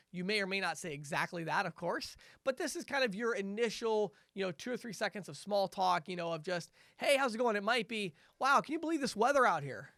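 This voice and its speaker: An upbeat man coaching salespeople, his voice sitting fairly high for a man. He talks in a lively, teaching way and now and then slips into chirpy sample greetings. The sound is close and dry, with no room around it. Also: creaky, no echo. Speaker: sales trainer. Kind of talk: sales training lesson.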